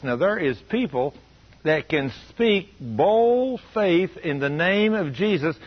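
A man preaching a recorded teaching to a small group, slow and emphatic. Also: a little high, animated, breathy edge, dull audio.

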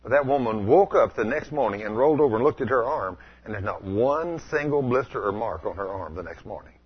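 Folksy preacher guy, husky voice, swoops way up and down, sounds kinda muffled and lo-fi. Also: mid-range voice, animated, a little fast. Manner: folksy, asks the congregation questions, rises to loud exclamations. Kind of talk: storytelling sermon.

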